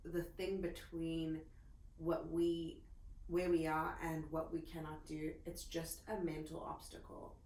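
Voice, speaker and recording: Low-voiced woman in an echoey room. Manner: relaxed, laughing often, with filler pauses. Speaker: co-host. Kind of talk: casual storytelling chat. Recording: echoey room with faint noise.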